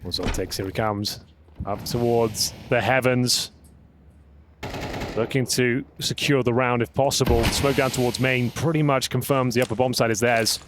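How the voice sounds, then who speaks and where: Male esports caster, mid-pitched, dry wit, game noise in the mix. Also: steady tone, normal speed. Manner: dry, teasing banter between calls. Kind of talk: play-by-play commentary. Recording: broadcast mix with game sounds underneath.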